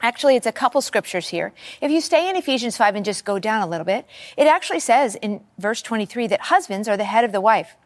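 A woman preaching a sermon, reading scripture and talking it through in a conversational, animated teaching manner. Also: on the high side, fast.

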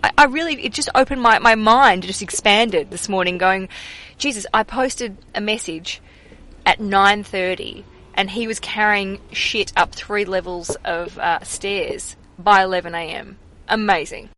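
A woman's voice: medium pitch, a little slow, sharp tone. A young Australian woman hosting a podcast, chatting casually and laughing easily, recorded in a car. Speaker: podcast host. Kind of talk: casual chat.

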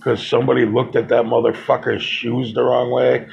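A man delivering a heated, profane monologue, halting and restarting as he works himself up. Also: medium pitch, level tone, gravelly. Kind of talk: monologue commentary. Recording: dull lo-fi recording.

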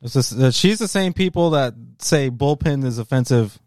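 Co-host: man, foul-mouthed banter, lively pitch, dry sound. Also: moderate pace, dry recording. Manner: crude, swearing, deadpan jokes. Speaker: podcast co-host. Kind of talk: casual chat.

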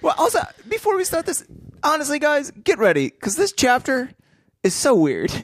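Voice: sits high, huge pitch swings, dry recording. Jokey cohost with a bouncy up and down voice, dry close sound. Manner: playful, jokey, quick silly bits. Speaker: podcast co-host. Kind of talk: casual chat, book club podcast.

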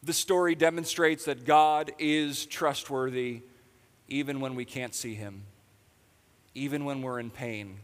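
A man's voice: mid-range voice, steady tone, unhurried. A man preaching a sermon in a conversational way, with sarcastic asides, in a church auditorium. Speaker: pastor. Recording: long reverb of a large hall.

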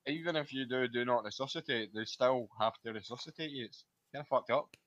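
A man's voice: mid-range voice, a little fast, fairly bright tone, no room sound, lo-fi sound. A man co-hosting a casual podcast, rambling and laughing at his own jokes. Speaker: podcast co-host. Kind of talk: casual banter among friends.

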